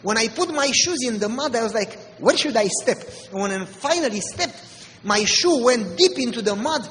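A man with a Romanian accent, a pastor preaching an animated storytelling sermon with mimicked voices. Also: very high voice, moderate pace, long reverb tail, a little hiss or hum, poor audio.

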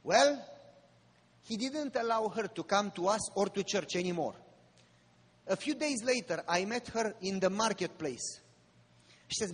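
A man preaching a sermon, telling a personal story with drama and rising to fervent appeals in a husky voice. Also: high-pitched, animated, a little slow, pauses often. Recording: long reverb of a large hall.

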